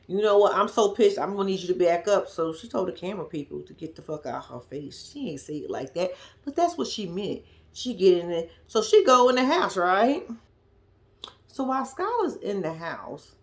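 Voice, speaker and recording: A woman giving a blunt, profane, animated recap of a reality TV episode, dropping to a hush at times. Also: fairly low pitch. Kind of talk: casual commentary recap.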